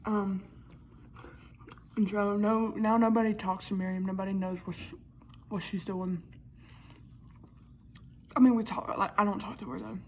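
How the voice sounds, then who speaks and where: A woman's voice: medium pitch, slight background noise. A young woman telling a personal story in a casual, chatty way, full of "like", with whispered asides and free swearing.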